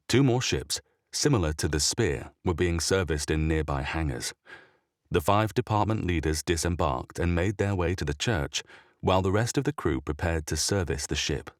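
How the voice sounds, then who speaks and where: Male storyteller, deep voice, dry close sound, steady measured read. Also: dry recording. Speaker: narrator. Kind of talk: scripted story narration.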